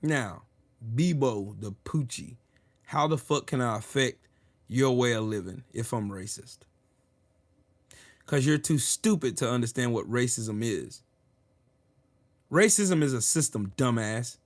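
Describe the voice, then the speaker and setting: Profane, combative man with a lively voice. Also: medium pitch, a little slow, pauses often. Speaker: channel host. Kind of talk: ranting commentary.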